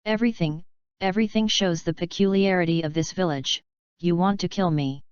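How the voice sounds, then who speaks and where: A woman voicing a cold, calm thirteen-year-old boy fighter in a flat, even delivery, with a dull lo-fi sound. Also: lowish voice, brisk, clear, resonant tone, dry recording, lightly acted. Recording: dull lo-fi dry recording.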